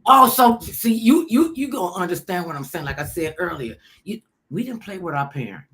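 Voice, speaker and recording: A middle-aged woman hosting a casual chat, telling stories with animated acted-out voices. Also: on the low side, fairly quick. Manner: animated storyteller, acts out voices. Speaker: host.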